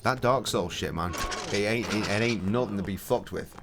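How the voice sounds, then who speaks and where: Indoors at home, a middle-aged gaming streamer chats at normal speed in a low-leaning voice while music plays in the background. His commentary is casual, with storytelling and plenty of cheeky swearing.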